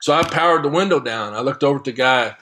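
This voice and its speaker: A man tells a golf story as an interview guest, in a voice pitched squarely in the middle range. He talks in a relaxed, chatty way, chuckling now and then as he goes. The delivery stays loose and friendly, like an easy sit-down conversation. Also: fast talker. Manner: lively, chuckling raconteur. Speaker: guest, long drive golfer. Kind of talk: casual storytelling anecdote.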